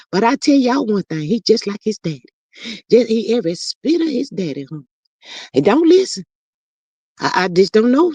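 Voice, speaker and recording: A woman's voice: fairly high pitch, dark tone, husky, no room sound. A woman voicing a preachy, heartbroken older mother who sighs and calls listeners honey and child.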